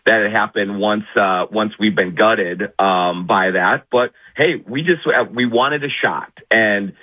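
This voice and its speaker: A man's voice: fairly low pitch, a little slow. A man calling in as a weekly guest on sports radio, in casual banter with mock-humble sarcasm, over a phone line.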